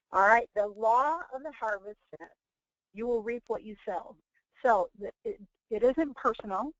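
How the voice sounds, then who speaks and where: A woman's voice: medium pitch, no echo. A woman presenting a motivational webinar, preaching with repeated phrases and acting out quoted people. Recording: muffled lo-fi webinar audio.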